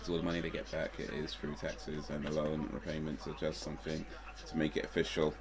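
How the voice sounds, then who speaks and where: Young man, very low voice, laid-back rambling live-stream chatter, casual. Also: fairly quick. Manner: relaxed, rambling, chuckling asides. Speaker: livestreamer. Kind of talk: casual live watch-along chat.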